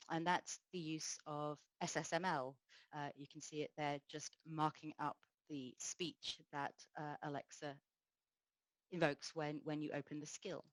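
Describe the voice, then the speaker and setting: A woman speaker explaining a technical topic at a conference, pausing often with "uh" fillers. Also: low-pitched, dry recording, low-quality recording.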